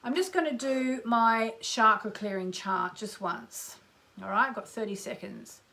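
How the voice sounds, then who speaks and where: A middle-aged Australian woman hosts a live astrology show in a lively, chatty way. She talks through oracle card readings and greets her listeners warmly by name. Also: on the high side, unhurried, creaky.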